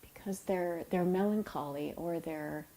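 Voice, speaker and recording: Low, mellow-voiced woman speaking softly. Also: low-quality recording. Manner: soft, unhurried and tender, with pauses. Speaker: author and yoga teacher. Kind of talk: reflective talk about emotions.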